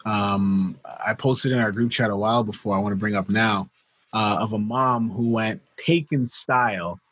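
A man's voice: fairly low pitch, steady tone, normal speed, fairly bright tone, no echo. Hesitant, rambling man in casual chat. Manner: rambling, hesitant storytelling with many fillers.

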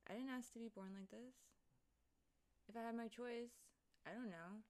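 A woman's voice: on the high side, moderate pace, darkish tone. A young woman livestreaming, chatting casually and rambling with lots of swearing and laughing asides as she reads the chat.

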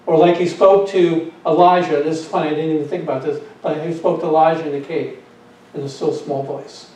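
A pastor delivers a sermon in a mellow, somewhat high voice, stopping to pose rhetorical questions and circling back over his own phrases. He sits away from the microphone in a very reverberant room. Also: fairly even intonation, brisk, far from the mic, slight background noise. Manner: rhetorical questions, repeats phrases, trails off softly.

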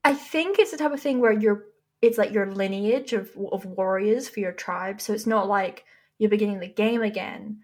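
A woman's voice: mid-range voice, normal speed. A young woman co-hosting a casual gaming podcast, teasing her co-host with dry wit and reading out news items.

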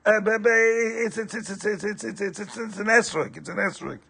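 A man's voice: high voice, fairly quick, creaky, breathy edge, pitched above the performer's own voice, exaggerated voice. A man voicing a poor, devout man who talks eagerly and stammers when he is caught out. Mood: stammering.

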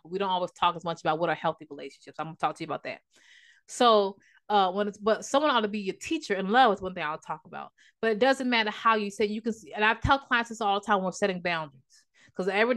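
A woman's voice: mid-range voice, fairly bright tone. A woman coaching viewers on relationships in a casual vlog, emphatic and repetitive, with a preachy, church-flavored way of talking. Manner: preachy, emphatic, repeats herself; uses church language and prayer.

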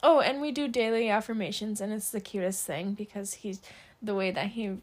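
A woman's voice: medium pitch, fairly even intonation, moderate pace. A young woman hosting a casual solo podcast, chatting upbeat about her day with a lot of fillers. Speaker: podcast host.

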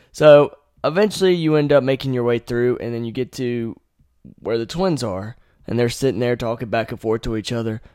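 Young male host, casual game retelling, profane and animated, mid pitch. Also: brisk, clean tone, no echo, studio quality. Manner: animated, profane, laughing asides. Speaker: podcast host.

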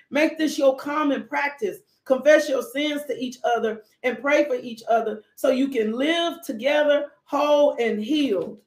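Woman preacher, high voice, passionate and emotional; shouts, repeats pleas; echoey church. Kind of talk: impassioned sermon. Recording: echoey room.

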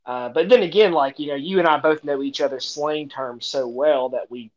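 An American man co-hosting a podcast, talking in an easygoing, self-deprecating way with halting restarts. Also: a little high, muffled recording. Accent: American English. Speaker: podcast co-host. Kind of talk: casual chat.

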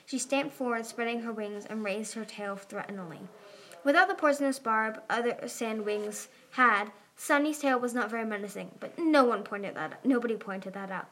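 A woman reading a children's fantasy book aloud, expressive, doing character voices. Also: on the high side, moderate pace. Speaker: audiobook reader. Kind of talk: amateur audiobook narration.

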